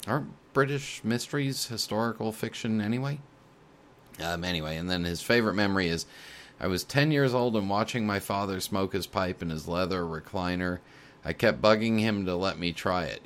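A man's voice: deep voice, a bit bright. A man hosting a podcast, casually reading listener letters aloud with frequent chuckles and filler sounds. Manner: many filler uhs.

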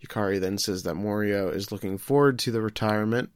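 A young podcast co-host casually recaps an anime episode, joking and acting out the characters' lines in quick voices. His voice is on the low side, with a dry, clean studio sound.

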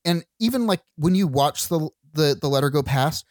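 A man's voice: a little high, animated, moderate pace, darkish tone, no room sound, clean studio sound. A man co-hosting a podcast, chatting about a stage musical with frequent restarts and awe. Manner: chatty, restarts often, awed. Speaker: podcast co-host. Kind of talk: casual theater discussion.

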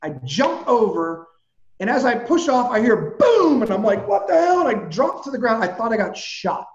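A man with a high-sitting voice and lively intonation speaks at a moderate pace, heard in an echoey room with dull audio. He's a personal trainer animatedly recounting a personal story in a casual podcast chat, swearing now and then.

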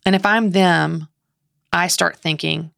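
Woman guest, low gravelly voice, dry close mic, really into her storytelling. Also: fairly even intonation, takes it slowly, a bit bright, no echo. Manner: impassioned storytelling, acts out inner voices. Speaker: guest author and speaker. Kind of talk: faith podcast interview.

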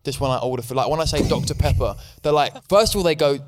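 A man's voice: mid-range voice, quick pace, a little hiss or hum. A young man with an English accent, chatting casually as a podcast guest in a studio, easygoing and self-deprecating, with frequent restarts. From England. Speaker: guest singer. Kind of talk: casual chat.

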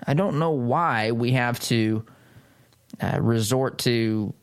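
A middle-aged man hosting a political commentary show, reading an article aloud and reacting with sarcasm and emphatic jumps in pitch. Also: slow, clear, resonant tone.

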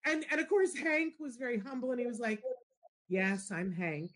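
Middle-aged woman, talk show host, animated storyteller with big pitch jumps. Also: fast. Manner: expressive, shifts into high excited squeals when retelling. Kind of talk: animated storytelling in casual chat.

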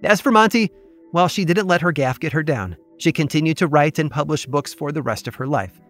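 A man, the host of a podcast, telling a true story in scripted narration with a measured, wry delivery. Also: on the high side. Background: soft background music.

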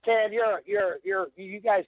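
A man with a Midwestern accent calls in to a radio show, his high voice tinny and squeezed as if over a phone line. He rambles excitedly, stumbles and restarts, and piles one thought onto the next. The sound is dry, with no room around it. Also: slow pace, dry recording. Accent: Midwestern American. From Wisconsin. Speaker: caller. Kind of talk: casual call-in chat.

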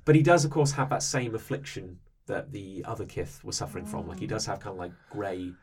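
A man's voice: on the low side, brisk, a little mellow. A man narrating a tabletop game as game master, rambling loosely with many fillers.

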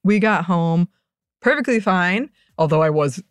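A woman's voice: lowish voice, lively intonation, a little slow, smooth, no room sound, studio quality. A woman co-hosting a podcast, telling a story in a casual chat, laughing often. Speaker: podcast co-host.

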